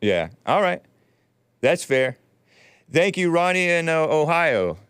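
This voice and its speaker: Chatty male call-in host, smooth dry voice. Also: a little high, big pitch swings, slow pace, fairly bright tone, dry recording. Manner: chatty, laughs often, loose and rambling. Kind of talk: casual call-in talk.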